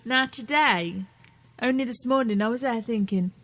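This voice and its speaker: A woman's voice: on the high side, moderate pace, fairly bright tone. Laughing British woman, cheeky chat. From Britain. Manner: laughing, swears casually. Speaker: co-host. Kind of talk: casual radio chat.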